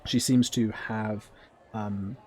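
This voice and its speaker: A man's voice: on the low side, steady tone, slow pace, darkish tone, a little hiss or hum. Man narrating as game master, full of ums. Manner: descriptive, hesitant with ums.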